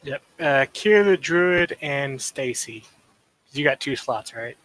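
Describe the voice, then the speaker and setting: A man's voice: medium pitch, expressive, slow pace, fairly bright tone, poor audio. A man playing a tabletop game, matter-of-fact. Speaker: player. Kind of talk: casual tabletop game chat.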